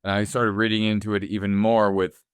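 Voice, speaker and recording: A man's voice: on the low side, clean tone, no room sound. A man in his forties co-hosting a casual movie podcast, talking animatedly and acting out scenes from a film. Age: 40s. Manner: animated, acts out movie scenes in quick voices. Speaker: podcast co-host.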